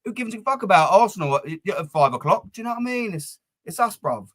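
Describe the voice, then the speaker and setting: A man's voice: sits high, sing-song, quick pace, fairly bright tone. A young man hosting a live football fan stream, reading chat comments and talking bluntly with plenty of swearing, fillers and repeated words.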